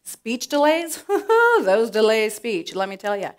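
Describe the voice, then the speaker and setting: A middle-aged woman telling a personal story to an audience, animated and acting out the voices she quotes. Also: on the high side, unhurried. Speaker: presenter.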